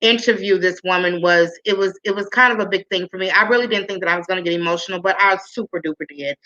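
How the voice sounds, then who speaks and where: A woman's voice: medium pitch, pushed and bright, dull audio. A woman hosting her own livestream show, talking casually and rambling as she signs off, emotional and repeating herself. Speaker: host.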